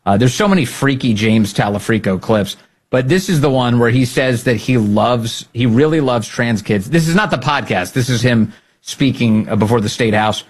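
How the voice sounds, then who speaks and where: Male podcast host, husky, sarcastic, animated, political commentary. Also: mid-range voice, normal speed. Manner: sarcastic, animated, laughs often.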